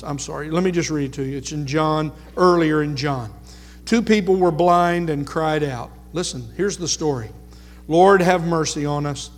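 A man preaching a sermon, slow and emphatic, repeating key words for weight. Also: on the high side. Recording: long reverb with faint music.

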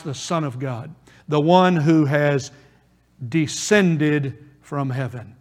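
A man preaching a sermon as pastor, earnest and emphatic, with pauses for weight. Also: fairly high pitch. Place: church. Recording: long reverb of a church hall.

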